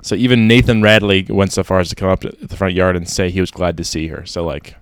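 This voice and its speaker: A man co-hosting a casual book discussion, talking in a relaxed, conversational way. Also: low voice, fast talker, no room sound. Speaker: podcast co-host.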